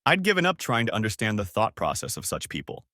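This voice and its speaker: A man's voice: lowish voice, wildly swooping pitch, fast talker, sharp tone, no echo, studio quality. A man giving dramatic, scripted first-person story narration. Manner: dramatic storytelling, acting out heated lines.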